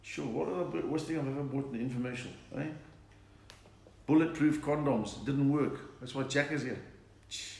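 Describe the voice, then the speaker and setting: A man's voice: mid-range voice, normal speed, creaky, darkish tone. An older South African man, a comedian, telling jokes and reading viewer comments in a live chat from home. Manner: chatty, joke-telling, reads out viewer comments. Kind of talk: live-streamed stand-up chat. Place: home room during lockdown. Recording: echoey room.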